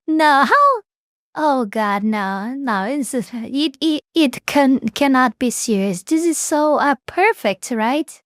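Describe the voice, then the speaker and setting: A woman's voice: high-pitched, expressive, slow, no room sound, studio quality. A woman reacting live to a video, laughing in incredulous disbelief. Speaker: reaction streamer.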